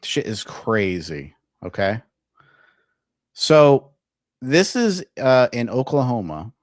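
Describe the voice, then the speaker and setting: A man's voice: lowish voice, dry recording, clean studio sound. A man hosting a casual reaction commentary, talking in a profane, incredulous way. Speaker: commentary host.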